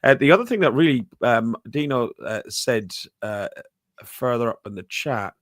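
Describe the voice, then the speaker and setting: A man's voice: medium pitch, expressive, normal speed, dry recording, studio quality. A man hosting a football podcast, talking hesitantly with many fillers and reading out viewer comments. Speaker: podcast host. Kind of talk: casual football chat.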